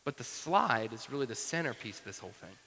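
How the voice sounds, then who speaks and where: A man's voice: medium pitch, big pitch swings, fast, creaky, sharp tone. A man in his thirties preaching a sermon, telling a family story in a conversational way with frequent asides. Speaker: pastor. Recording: long reverb from a large hall.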